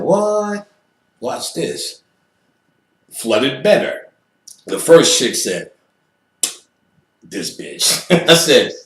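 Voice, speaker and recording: A man's voice: lowish voice, reverberant. A man from Queens, telling a story in casual, profane talk and acting out the voices of the people in it. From Queens, New York. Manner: animated, profane, acts out quoted voices.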